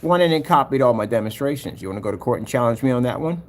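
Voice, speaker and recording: Speaking rapid-fire at medium pitch with lively intonation, a projector screen paint maker rambles and boasts through a screen-recording vlog. He hums filler sounds as he scrolls his demos and dares rivals to compete.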